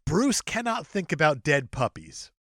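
A man's voice: fairly high pitch, unhurried, husky, no echo, studio quality. A man co-hosting a casual comedy podcast about movies, ranting with profane jokes. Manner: profane, animated, jokey rants. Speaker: podcast co-host.

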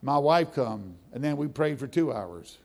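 A man's voice: mid-range voice, expressive, measured pace, vocal fry, a little mellow. A middle-aged man preaching a testimony sermon, telling his story in a conversational way that builds into fervent preaching.

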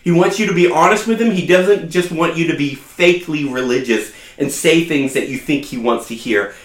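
A man preaching a sermon as a pastor, earnest and conversational, with humorous asides and dramatic drops to a hushed voice. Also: a little high, roomy sound.

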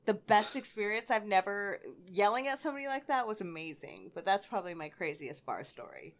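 A young woman telling a story on a casual podcast, laughing often and getting loud when she acts out quotes. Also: medium pitch, big pitch swings, brisk. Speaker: bartender guest.

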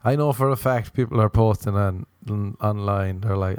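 A man's voice: fairly low pitch, normal speed, hardly any pauses, a little mellow, smooth, no room sound. A young man hosting a solo podcast, riffing sardonically with frequent swearing and self-mockery. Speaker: podcast host. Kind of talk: solo comedic podcast rant. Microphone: podcast microphone.

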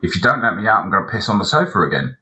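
A man's voice: lowish voice, sing-song, rapid-fire, pushed and bright, heavily acted. A man voicing a bossy, demanding house cat. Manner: cheeky, swearing.

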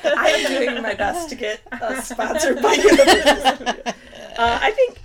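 A woman's voice: high-pitched, very animated, normal speed, a loud crowd. A woman hosting a podcast, teasing her co-hosts and reading listener questions. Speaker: podcast host. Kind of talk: casual chat.

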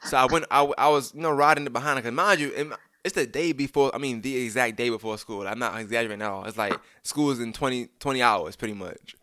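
Fast-talking young man rambling a story. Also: medium pitch, no echo, studio quality. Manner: rambling, many restarts and asides to the listener; animated acting out of quoted lines. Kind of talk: casual storytelling.

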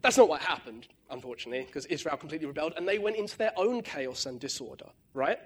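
A man preaching a conversational sermon, often checking in with "right?" and restarting his words, with lively bursts of emphasis. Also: fairly high pitch, quick pace, breathy edge.

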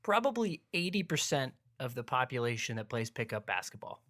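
A young man co-hosting a casual sports podcast, relaxed and wry as he sets up a rant. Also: medium pitch, brisk. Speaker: podcast co-host.

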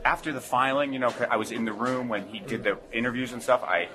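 A man's voice: medium pitch, steady tone, quick pace, rough recording. A man in an interview recounting a moment enthusiastically, with crowd noise behind. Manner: enthusiastic, agreeing. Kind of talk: interview chat.

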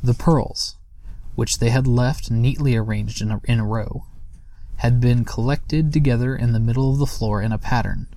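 A man narrating a children's storybook aloud in a steady, gentle manner. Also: medium pitch, moderate pace, no room sound.

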